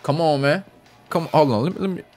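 A man giving casual, profane commentary while playing a video game, with loud outbursts and rambling asides. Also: on the high side, fairly quick. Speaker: gaming channel host.

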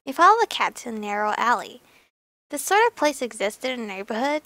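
Bright, high-voiced chatty woman streamer. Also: sing-song, a little fast, no room sound. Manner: giggly, chatty asides. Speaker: game streamer. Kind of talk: reading and commenting on a story game.

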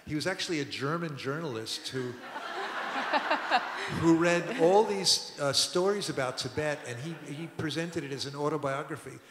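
An older man from Brooklyn, New York, a record producer appearing as a guest, shares rambling studio anecdotes at a public talk in a museum auditorium, with restarts and chuckles. His voice is fairly high, animated, and at normal speed, with a crowd audible behind him and long reverb from the roomy hall.

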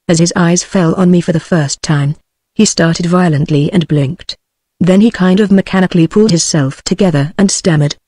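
A text-to-speech female voice with a British English accent, narrating an audiobook in an even, machine-read manner. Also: on the low side, no echo.

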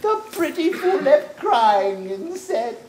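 Woman doing a rambling, giggly old nurse with a high, lively voice and slow delivery, roomy stage recording. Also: a crowd in the background, heavily acted. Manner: rambling, laughs through her lines. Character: old chattering female nurse, bawdy and giggly. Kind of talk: amateur stage acting. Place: theater stage.

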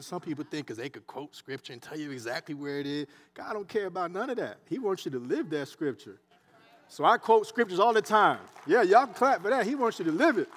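A man preaching a sermon in a church, animated and conversational, with asides and dialect. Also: high voice. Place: church sanctuary.

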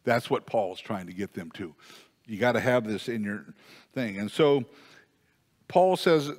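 Pastor, male, low voice, conversational sermon with emphatic peaks, long reverb of a church. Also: animated, measured pace, long pauses. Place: church sanctuary.

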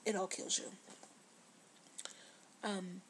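Earnest woman vlogger with vocal fry. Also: medium pitch, flat delivery, drawn-out words, a little hiss or hum. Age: 20s. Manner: earnest, heartfelt, drops to a hush at times. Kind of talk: confessional video diary.

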